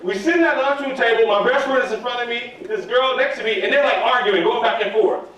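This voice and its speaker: High-voiced man speaking in an echoey hall. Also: fast talker, far from the mic, a crowd in the background. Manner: animated, calls for audience answers. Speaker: motivational speaker at student workshop. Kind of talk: storytelling talk to a live audience. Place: large hall at a live event.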